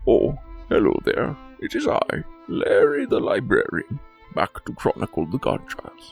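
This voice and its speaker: Guy doing a gravelly old librarian, slow and swoopy, pompous storyteller, faint music under it. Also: mid-range voice, huge pitch swings, heavily acted. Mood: grandiose. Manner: theatrical, drawn-out recap narration.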